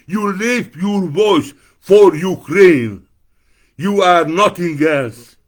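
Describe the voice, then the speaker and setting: Angry profane man ranting. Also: high-pitched. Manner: angry, profane, shouting outbursts. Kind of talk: political rant to camera.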